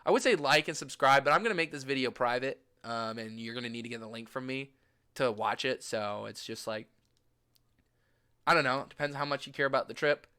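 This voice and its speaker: A young man from the States chats about his travels with a bright, crisp, clear voice. He talks in an animated, gushing way and swears casually. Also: mid-range voice, a little fast. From United States. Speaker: vlogger. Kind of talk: casual travel recap chat.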